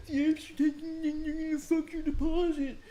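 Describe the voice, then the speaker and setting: A man putting on a mocking impression of a whiny, sanctimonious young male streamer, exaggerated and shrill. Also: flat delivery, fairly quick, mellow.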